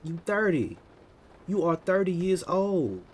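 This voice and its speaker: An American man in his thirties, chatting casually on a livestream, answering viewers in an animated, teasing way. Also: sits high, unhurried, slightly rough. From United States. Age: 30s. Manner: animated, teasing, laughs often.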